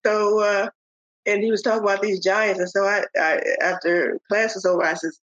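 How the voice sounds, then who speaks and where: An older woman, a podcast guest, telling the story of her faith in a halting way, with many pauses and restarts. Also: medium pitch, steady tone, fairly bright tone, no echo. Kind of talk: telling a personal faith testimony. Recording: dull, lo-fi audio.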